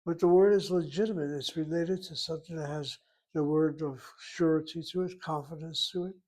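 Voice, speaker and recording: Man teaching in a higher voice. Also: fairly even intonation, brisk, darkish tone. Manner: methodical, repeats words and breaks them into syllables. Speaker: Hebrew teacher. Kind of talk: classroom lecture.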